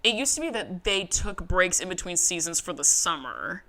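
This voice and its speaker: A woman co-hosting a podcast, chatting casually in a profane, animated storytelling way. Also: on the low side, normal speed. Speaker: podcast co-host. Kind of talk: casual recap chat.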